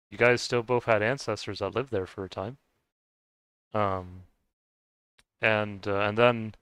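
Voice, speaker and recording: A man's voice: on the low side, a bit bright, clean tone, no echo, low-quality recording. A man streaming a game, chatting casually to viewers and rambling with many restarts. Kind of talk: casual chat while gaming.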